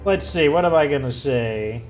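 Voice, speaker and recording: A man's voice: mid-range voice, expressive, moderate pace, faint music behind. A man hosting a gaming video, chatting casually in an offhand, self-deprecating way while he plays. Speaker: gaming channel host. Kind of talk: casual let's play commentary.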